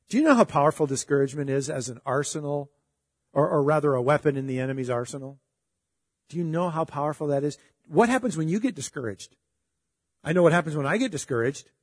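Conversational preacher man, slightly high voice. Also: darkish tone, husky, dry recording, studio quality, in a large hall. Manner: conversational, emphatic, asks the audience questions. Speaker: pastor. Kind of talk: sermon.

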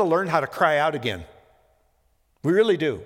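A man preaching a sermon, reading scripture slowly and emphatically, then explaining it and rising into impassioned pleas. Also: fairly high pitch, sing-song, a bit bright, in a large hall. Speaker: pastor.

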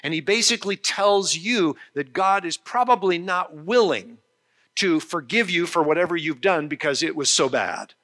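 Male preacher mid-sermon; earnest, explanatory delivery, bright and slightly high voice. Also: animated. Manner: earnest, with frequent restarts and slow emphasis on key phrases. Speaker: pastor.

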